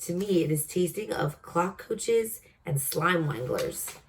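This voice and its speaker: The BFG, a gentle giant read by a woman. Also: lowish voice, animated, recorded from a distance, a little hiss or hum. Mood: earnest. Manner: slow, earnest, mangled grammar. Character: big kindly male giant, gentle, jumbles words. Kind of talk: storybook read-aloud.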